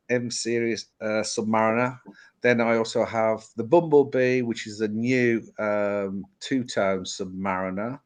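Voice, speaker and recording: Middle-aged English man, rambling casual chatter, quick to laugh. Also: medium pitch, smooth. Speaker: guest watch collector. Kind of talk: casual live-stream chat.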